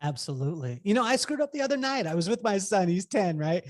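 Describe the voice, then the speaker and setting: A man's voice: high-pitched, sing-song, fast talker, no room sound, clean studio sound. A man in his forties from Southern California, a podcast guest who tells stories with energy, laughs often, swears casually and acts out quotes. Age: 40s. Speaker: podcast guest, business coach. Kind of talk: animated storytelling conversation.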